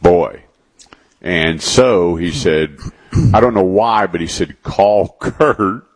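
A man's voice: sits low, takes it slowly. A man hosting a call-in radio car show, telling stories in a rambling, folksy way. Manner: rambling, folksy, repeats words. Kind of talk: casual radio talk, storytelling.

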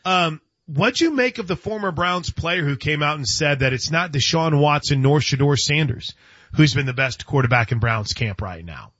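A man's voice: a little high, moderate pace, a bit bright, breathy edge, dry recording, highs cut off. A man hosting a sports radio show, chatting casually and often restarting his sentences. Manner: chatty, stumbles and restarts, laughs.

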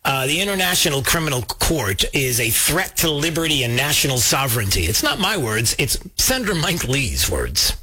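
Male talk host, husky bright voice, lively pitch swings, casual storyteller. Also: normal speed, few pauses. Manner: animated, jumps pitch high when quoting people. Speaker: show host.

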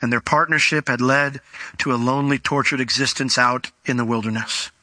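Bright-voiced male preacher, animated. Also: mid-range voice, a little fast, no room sound. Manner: animated, rhetorical questions, explains word meanings. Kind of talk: expository sermon.

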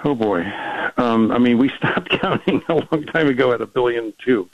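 A man, a policy researcher, talking fast as a guest in a radio interview, with many restarts and fillers. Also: medium pitch, no room sound, highs cut off.

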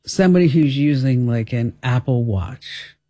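A man with a New Jersey accent hosting a talk show, chatty and quick to laugh, often restarting his sentences. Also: medium pitch, warm tone, no echo, studio quality. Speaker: radio show host. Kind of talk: casual talk show chat.

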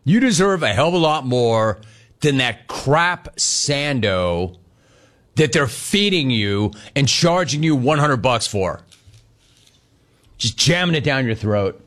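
A man's voice: mid-range voice, sing-song, takes it slowly, fairly bright tone. A man hosting a sports radio show, ranting with mocking emphasis and repeating his points. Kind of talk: opinionated sports rant.

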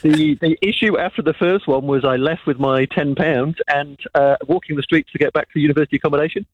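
A man's voice: on the high side, fairly even intonation, fast talker, slightly rough, no echo, phone-quality sound. Middle-aged British man telling a story. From United Kingdom. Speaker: caller. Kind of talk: telling a story on a phone call.

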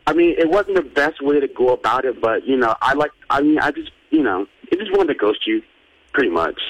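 A man on a phone call to a radio show, speaking in a hesitant, halting way. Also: mid-range voice, sing-song, no echo. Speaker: phone caller. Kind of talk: casual phone chat. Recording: phone line.

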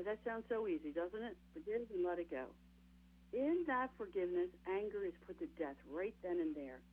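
A woman delivers a sermon with a husky, breathy edge, her pitch rising and falling widely. She presses her points by repeating them and calls out to her listeners as friends. The sound is narrow and tinny, like a radio call-in line. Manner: emphatic, repeats key phrases, addresses listeners as my friends. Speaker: preacher.

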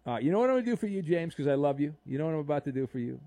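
A male sports radio host with a lively, bouncing delivery that rides up and down as he cracks jokes. His voice sits a little high and comes across close and dry on the studio mic. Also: racing, no room sound. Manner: playful, wisecracking.

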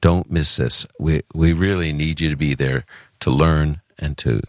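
A man from Brooklyn hosts a call-in radio show with an extremely deep voice. The sound is dry and close, and he talks in a chatty, earnest way. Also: steady tone, measured pace, no echo. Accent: New York. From Brooklyn, New York. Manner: chatty, earnest, with fillers and restarts. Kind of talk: live call-in radio talk.

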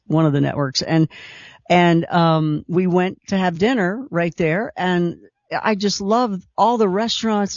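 A man with a slight Kentucky accent hosts a call-in radio show, chatting eagerly with callers. His voice is gravelly and sits a little high. The sound is dry and a bit dull. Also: no echo. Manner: chatty and enthusiastic, repeats himself. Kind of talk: casual call-in radio chat.

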